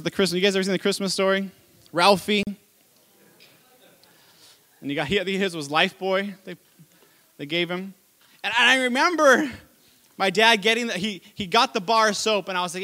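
A man preaching a sermon as pastor, telling a childhood story with animated delivery and laughter. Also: sits high.

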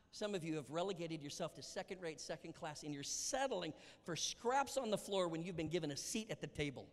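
Male pastor, sermon, animated, acts out scripture voices, slightly high voice, long reverb of a large hall. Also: fairly quick, hardly any pauses. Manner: animated, acts out Bible dialogue, drops to whispers. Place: church sanctuary.

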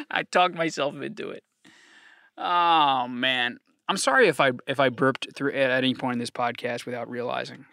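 A man hosting a casual solo sports podcast, excitable and profane, swinging from shouted hype to low muttering. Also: normal speed, creaky, long pauses, no echo, clean studio sound. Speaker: podcast host.

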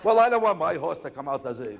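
A man's voice: a little high, big pitch swings, quick pace, gravelly, lo-fi sound, noisy background. A male stand-up comic delivers his routine in punchy, sarcastic bursts. His voice swings widely up and down through each joke. A long hall reverb trails every line of the clip. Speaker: stand-up comedian.

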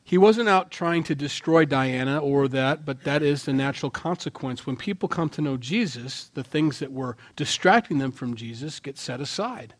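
A male pastor preaching a sermon in an animated way, swinging between loud lines and quiet asides. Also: fairly high pitch, moderate pace, few pauses.

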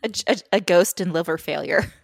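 A woman co-hosting a podcast in casual, animated chat, giggling often. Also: lowish voice, vocal fry, no room sound, clean studio sound. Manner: animated, giggly, quick asides. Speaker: podcast co-host.

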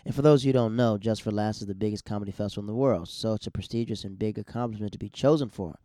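A man's voice: on the low side, fast, warm tone, dry recording, clean studio sound. A man, a stand-up comedian, hosting a podcast in a loose, chatty monologue full of restarts.

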